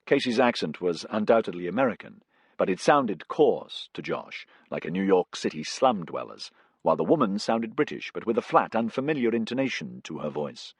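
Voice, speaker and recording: A man narrating an audiobook in a measured storytelling manner. His voice is low and husky, with a lively rise and fall, recorded close and dry. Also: no room sound. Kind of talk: scripted narration.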